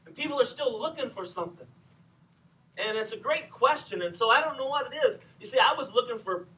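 A middle-aged man preaching a sermon in an animated, conversational way, with asides to his listeners. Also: extremely high pitch, a little fast, distant mic, poor audio. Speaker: pastor.

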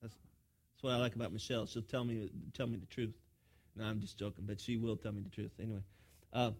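A man's voice: medium pitch, animated, a little fast, gravelly. A man preaching a sermon as pastor, emphatic, often repeating his words as he drives a point home.

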